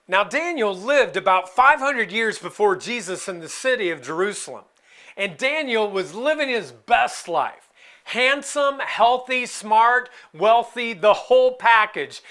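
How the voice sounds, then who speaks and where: A man delivers a sermon in an easygoing, expressive way, breaking in with playful asides. His voice sits fairly high and bright and swings widely in pitch. He takes his time, letting the words land. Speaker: pastor.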